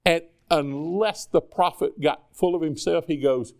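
A man's voice: on the high side, unhurried, darkish tone, smooth. A man preaching a sermon in a conversational way, acting out dialogue between people and God. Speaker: pastor.

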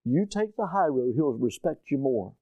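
A man voicing a quiet, calm older man who gives gentle, measured advice. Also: mid-range voice, dry recording, voice pushed down. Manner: soft, hushed and measured.

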